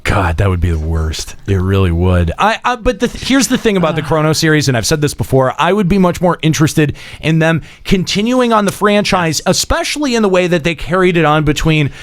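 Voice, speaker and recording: A man's voice: on the high side, big pitch swings, fairly quick, hardly any pauses. A man co-hosting a podcast, stating firm opinions with emphasis in casual chat. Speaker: podcast co-host.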